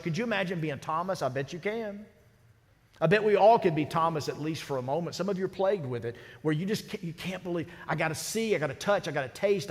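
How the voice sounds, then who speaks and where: Pastor preaching, fairly high voice, long church reverb. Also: male voice. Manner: storytelling, lively and conversational. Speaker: senior pastor. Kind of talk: sermon. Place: large church sanctuary.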